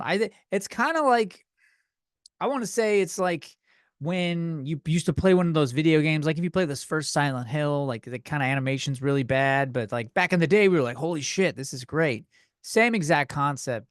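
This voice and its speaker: Young male podcast host, slightly high-pitched, rambling profane rant, dry close-mic sound. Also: dry recording. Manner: rambling, profane, self-deprecating. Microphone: desk microphone.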